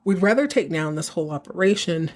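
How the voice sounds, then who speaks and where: A woman voicing a male federal agent who brushes things off quickly and dismissively. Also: fairly low pitch, lively intonation, a little mellow, close to an everyday voice.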